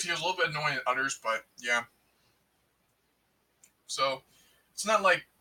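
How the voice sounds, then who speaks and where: A man excitedly recapping a movie in casual, rambling speech full of fillers and restarts. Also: on the high side, distant mic, low-quality recording. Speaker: movie reviewer.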